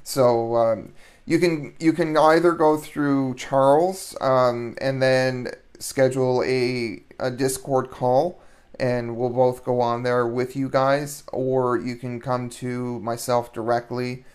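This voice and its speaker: A man hosting a live stream, talking haltingly with many ums and restarts as he thanks the chat. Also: mid-range voice, little pitch movement, darkish tone, clear, resonant tone. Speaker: stream host.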